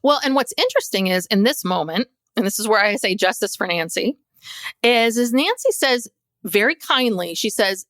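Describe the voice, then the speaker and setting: Woman podcast co-host, therapist, casual recapper, mid-pitched voice, dry close mic. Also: expressive, normal speed, a bit bright, dry recording. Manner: chatty storytelling with fillers.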